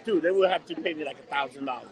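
A man with a high voice talks bluntly in loose podcast banter. He argues his points in a casual, plain-spoken way and says "dude" a lot. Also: very fast, poor audio. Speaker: podcast co-host. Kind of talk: casual chat.

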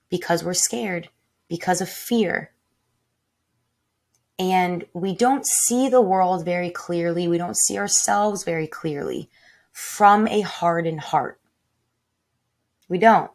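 A woman's voice: on the low side, slow pace, gravelly, long pauses, a little mellow. A woman in her tiny home, talking straight to her listeners in a raw, heartfelt way, with frequent swearing and spoken reminders to herself. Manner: emotional, swearing, heartfelt, self-talk. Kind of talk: raw personal reflection.

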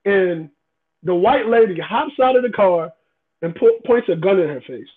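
A man's voice: high-pitched, animated, normal speed. A man in a casual debate, emphatic and profane, often repeating himself. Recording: tinny phone-like sound.

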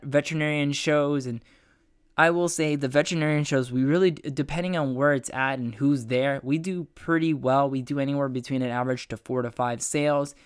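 A man's voice: medium pitch, clear, resonant tone, dry recording, clean studio sound. A man hosting a podcast, talking casually about his work and week, his voice nasal and congested from the flu, rambling with many restarts. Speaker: podcast host. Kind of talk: casual personal update.

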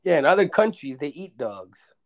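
A man in a casual podcast chat, animated and joking, acting out animals' thoughts in quick put-on voices. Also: fairly high pitch. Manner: animated, laughs, acts out pets in put-on voices.

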